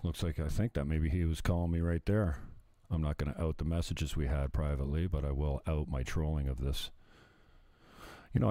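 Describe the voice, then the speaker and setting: A man with a very low voice hosts his own livestream, ranting in a loose, profane ramble. He drifts off topic and chuckles at his own jokes. The sound is dry and close, with no room echo. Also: warm tone. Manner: profane, sidetracked, laughs at himself. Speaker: livestream host. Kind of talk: casual rambling rant.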